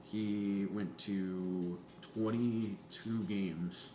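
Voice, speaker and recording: Dude, lowish voice, animated story, cusses a lot, echoey room with a faint hum. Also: male voice, extremely slow. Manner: animated, swears freely, acts out quotes. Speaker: podcast guest. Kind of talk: casual storytelling chat.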